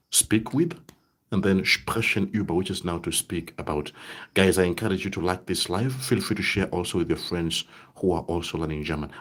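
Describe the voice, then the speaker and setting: A man teaching a live online German lesson, saying example sentences slowly and checking in with "right?" often. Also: sits low, husky.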